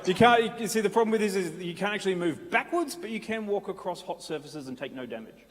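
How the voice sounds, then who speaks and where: A man's voice: sits high, lively intonation, quick pace. An Australian man co-hosting a convention panel, dryly explaining silly made-up game perks and laughing along. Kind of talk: comedic live panel banter. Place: convention hall stage. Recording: live hall with reverb and faint hiss.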